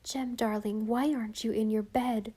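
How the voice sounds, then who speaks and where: A woman's voice: fairly high pitch, steady tone, moderate pace, mellow, slightly rough. A woman reading as a tender young mother. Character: loving young mother, gentle and relieved. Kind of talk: audiobook character reading.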